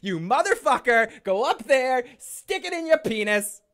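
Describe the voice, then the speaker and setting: A raging undead king hurls profane threats in a raised, strained voice, as a man puts him on. He sounds crude and out of control, pitched well above a normal speaking voice. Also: moderate pace, fairly bright tone. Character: furious crude undead ice king, male.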